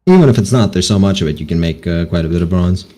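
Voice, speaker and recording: A man narrating as game master for a tabletop game, casual and halting, with many fillers. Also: low-pitched, lively intonation, mellow, poor audio.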